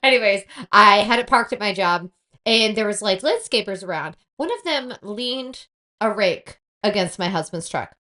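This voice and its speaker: Speaking at a normal speed with a medium-pitched voice, a woman co-hosts a podcast and chats casually. She tells animated, profane stories packed with swearing.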